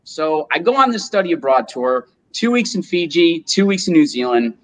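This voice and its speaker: Twenties male guest from upstate New York, slightly high voice, lively casual storyteller. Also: moderate pace, rough recording. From Rochester, New York, US. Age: 20s. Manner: animated storyteller, acts out quotes. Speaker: guest, solar business owner.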